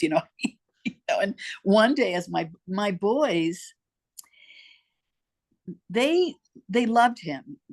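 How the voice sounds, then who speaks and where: An older woman telling her life story as an interview guest, emphatic and heartfelt, talking straight to the host. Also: low-pitched. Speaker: podcast guest.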